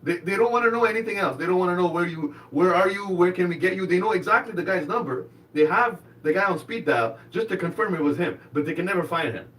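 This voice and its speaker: A man doing a live stand-up comedy set on a club stage, rambling and halting, then rising to excited shouts in his stories. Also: high-pitched, far from the mic, low-quality recording.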